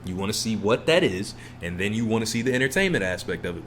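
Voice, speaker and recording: Animated, profane man ranting on a podcast. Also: brisk, a little hiss or hum. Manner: profane, animated, mimics others in low mumbling asides. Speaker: podcast co-host. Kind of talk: heated casual podcast rant.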